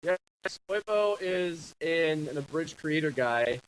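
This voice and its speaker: Chatty man with a higher voice. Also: animated, slow pace, a little hiss or hum, low-quality recording. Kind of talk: casual group chat.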